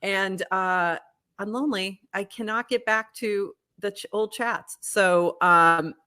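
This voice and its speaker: A middle-aged woman from the Boston area, her Boston accent mostly softened, co-hosting a podcast in casual, laughing chat. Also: medium pitch, slow pace, clean tone. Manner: chatty, laughs often, animated. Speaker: podcast co-host.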